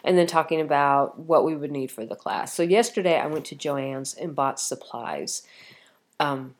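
A woman's voice: low-pitched, moderate pace. A middle-aged woman chatting casually in a rambling way, with plenty of ums and restarts, sounding tired and slightly coughy. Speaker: vlogger. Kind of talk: casual chat.

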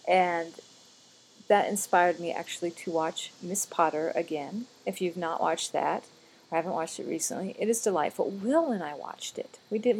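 Chatty woman with a husky voice. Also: mid-range voice, darkish tone. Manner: chatty, digressive, with frequent laughs and asides. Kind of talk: casual rambling monologue.

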